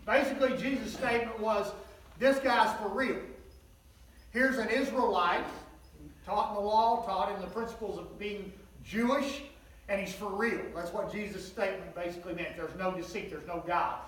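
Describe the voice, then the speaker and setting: High-voiced preacher in an echoey hall. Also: male voice, fairly even intonation, moderate pace, fairly bright tone, a little hiss or hum. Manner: folksy, joking asides, retells scripture conversationally. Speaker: pastor. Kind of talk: sermon. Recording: echoey hall, mic at a distance.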